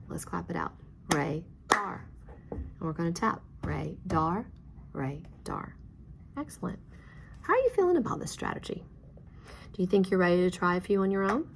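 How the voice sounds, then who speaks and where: A woman teacher with a low, gravelly voice patiently walks a student through a reading exercise, prompting and praising each step. She sometimes drops to a near whisper while guiding. A faint hum of background noise sits under the recording. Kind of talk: one-on-one reading lesson.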